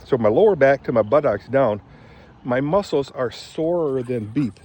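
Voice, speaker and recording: An older man from Michigan, USA, records a rambling casual vlog on a handheld phone, meandering through fillers as he talks to his animals around the house and horse stalls. His medium-pitched voice has lively intonation and a moderate pace, a little mellow and slightly rough.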